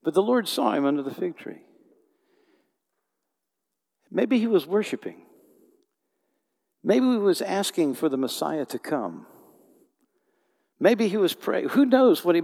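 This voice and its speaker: Male pastor, passionate sermon delivery, hushed-to-loud swings, church reverb. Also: fairly high pitch, vocal fry. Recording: long hall reverb.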